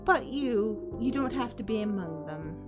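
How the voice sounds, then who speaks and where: A woman voicing a measured, formal elderly male philosopher from a game. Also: mid-range voice, lively intonation, highs cut off, close to an everyday voice. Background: game soundtrack music.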